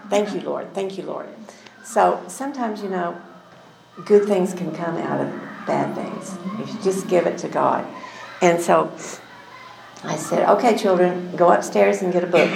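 An older woman teaching a women's Bible study, telling a family story in an earnest, chatty way with soft asides. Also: fairly low pitch, creaky, roomy sound, background noise.

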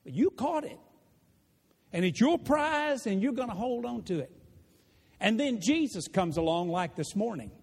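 A man preaches, his voice sitting unusually high and swinging through a wide, lively range. He builds to shouts in an animated sermon. The sound rings with the long reverb of a large church. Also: moderate pace, gravelly, pauses often, slightly rough. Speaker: pastor. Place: church sanctuary.

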